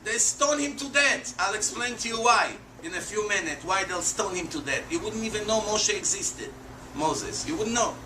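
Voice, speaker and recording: A man's voice: high-pitched, animated, normal speed, distant mic. A man streaming, explaining religious teaching with emphatic rhetorical questions and non-native English phrasing. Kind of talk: animated religious explanation to a chat. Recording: echoey room, off-mic, faint noise.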